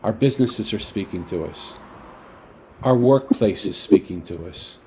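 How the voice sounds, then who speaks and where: A man, an author, telling a personal story in a lively way and acting out the dialogue, over a video call. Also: on the low side, measured pace, slight background noise. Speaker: author guest. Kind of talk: storytelling talk.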